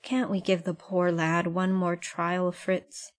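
A woman reads as a gentle, motherly wife from a storybook, soft and pleading in tone. Her voice is fairly low and quiet. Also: level tone, takes it slowly. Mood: tender.

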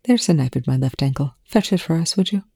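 A coolly cutting, sarcastic male scientist, as the reader puts him on, every line laced with polite contempt. The voice is mellow and dark in tone. The recording is dry and close. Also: medium pitch, lively intonation, fast talker, vocal fry, no echo, pitched above the performer's own voice. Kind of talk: audiobook-style fan fiction reading.

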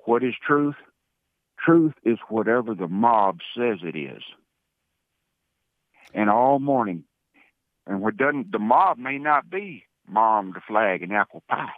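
A man's voice: fairly low pitch, lively intonation, slow pace, pauses often, dry recording. A man calls in to a radio talk show, his voice squeezed thin by a tinny phone line. He rambles along in a folksy, colloquial way, and the line sounds dry with no room around it. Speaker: caller. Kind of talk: casual call-in chat. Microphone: telephone.

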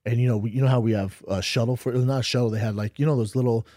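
A man's voice: mid-range voice, fairly even intonation, rapid-fire, dark tone, no echo, clean studio sound. A man co-hosting a casual podcast, telling a rambling story full of swearing. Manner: rambling storyteller, heavy swearing, acts out quotes. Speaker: podcast co-host. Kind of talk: casual chat.

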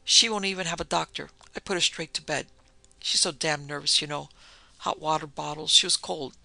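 A man's voice: on the high side, fairly even intonation, fairly quick, gravelly, bright, forceful tone, no echo, heavily acted. A man voicing a brusque, hard-drinking rich husband who talks in abrupt, commanding bursts.

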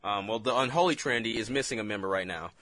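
A man casually recapping a comic book story on a podcast, animated and quick to laugh. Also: on the low side, no echo. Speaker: podcast co-host.

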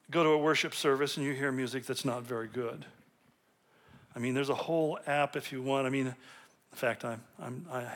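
With a mid-range, slightly bright voice, a pastor delivers a conversational sermon. He tells stories with light humor, frequently restarting and repeating words as he builds toward a point.

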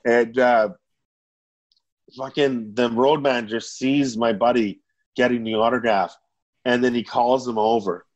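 A man's voice: medium pitch, measured pace, pauses often, dull audio. A man telling long, profane stories as a guest in a casual chat. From Canada. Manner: profane, rambling, animated. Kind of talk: casual storytelling.

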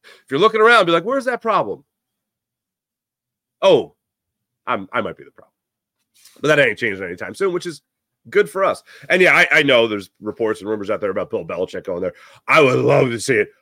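A man's voice: fairly high pitch, bright, forceful tone, no echo, clean studio sound. A man hosting a sports talk show, giving a rambling, jokey monologue with lots of fillers. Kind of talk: casual sports commentary monologue.

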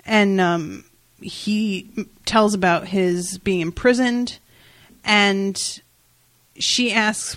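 A woman co-hosting a casual comic-book podcast, recapping a story in an animated way with frequent swearing and laughter. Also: medium pitch, very slow, no room sound. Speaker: podcast co-host.

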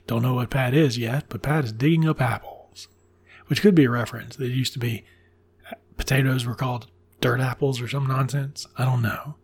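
Gravelly, husky man retelling a story. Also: mid-range voice, steady tone, normal speed. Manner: sardonic, irreverent, swears freely. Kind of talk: casual profane retelling of a classic story.

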